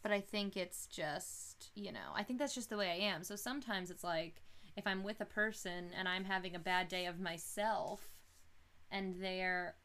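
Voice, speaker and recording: A woman's voice: on the low side, normal speed, a bit bright. A young woman hosting a podcast, talking casually and hesitantly with frequent restarts. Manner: hesitant, self-questioning, with restarts. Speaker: podcast host.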